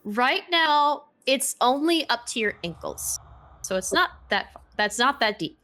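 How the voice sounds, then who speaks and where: A woman's voice: high voice, expressive, measured pace, sharp tone. A woman running a tabletop game as game master, describing scenes in a hesitant way with many fillers.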